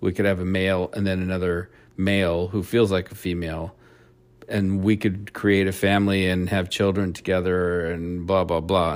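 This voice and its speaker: A man's voice: low-pitched, little pitch movement, normal speed. A man hosting a solo opinion podcast, ranting in a blunt, profane way. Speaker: podcast host.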